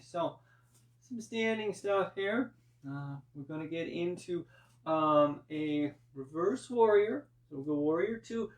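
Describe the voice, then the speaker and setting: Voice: mid-range voice, recorded from a distance. A yoga teacher guiding a live class through breath and poses, with chatty asides. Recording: roomy, voice from off-mic.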